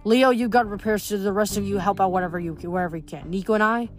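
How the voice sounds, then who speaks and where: An earnest young male demigod leader who explains things patiently and steadily, as a woman reads his lines aloud. He speaks at a middling pitch in a storybook reading with faint music behind. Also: fast talker, lightly acted.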